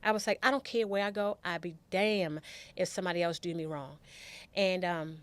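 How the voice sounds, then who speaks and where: A woman's voice: on the low side, fairly even intonation, brisk, no room sound. A middle-aged woman, a show's guest, candidly telling her own life story in a heartfelt way.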